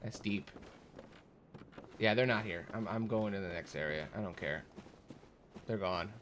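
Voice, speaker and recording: A young man giving casual live commentary on a game he is streaming, talking back at it in an exasperated way with sudden high-pitched outbursts. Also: measured pace, fairly bright tone, a little hiss or hum. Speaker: gaming streamer.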